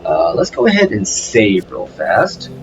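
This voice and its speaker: A man's voice: on the low side, huge pitch swings, a little slow, creaky, highs cut off. A man hosting a let's play, talking casually through his game with lots of fillers and restarts. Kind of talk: casual gameplay commentary. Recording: game music playing behind. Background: game music.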